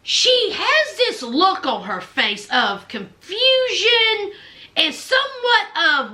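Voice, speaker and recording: A woman gives a casual reality TV recap, dramatic and talking straight to her viewers. Her voice sits high and swings widely in pitch. She speaks at an unhurried pace. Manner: animated, dramatic, addresses viewers as y'all.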